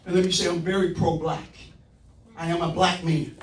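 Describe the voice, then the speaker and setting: A man with a fairly high voice tells a personal story as public testimony, earnest and fervent. He is picked up from a distance in a roomy council chamber. A faint hum of the room sits underneath. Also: level tone, normal speed. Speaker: speaker giving public testimony. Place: city council meeting room. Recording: echoey room from far off.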